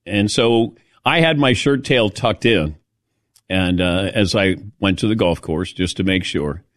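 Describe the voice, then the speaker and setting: A man's voice: sits low, measured pace, no echo, clean studio sound. A man hosting a casual sports talk show, telling stories in a chatty, sarcastic way. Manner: chatty storyteller with a sarcastic edge. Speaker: radio sports talk host.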